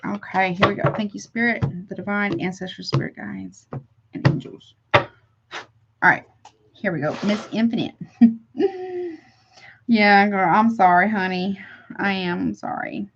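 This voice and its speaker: A woman's voice: medium pitch, steady tone, normal speed, vocal fry, muffled recording, heavy background noise. Chatty woman tarot reader calling viewers honey. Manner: affectionate, calls viewers honey, chatty asides. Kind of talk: live tarot reading to chat.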